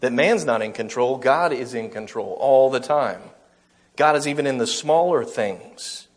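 A man's voice: medium pitch, animated, a little slow. A man preaching a sermon, reading scripture aloud and explaining it, correcting himself now and then.

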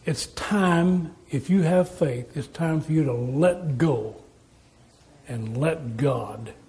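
A man's voice: on the high side, takes it slowly, mellow, low-quality recording. A man preaching a sermon as pastor, in an easygoing, conversational way, asking the congregation rhetorical questions and telling folksy stories.

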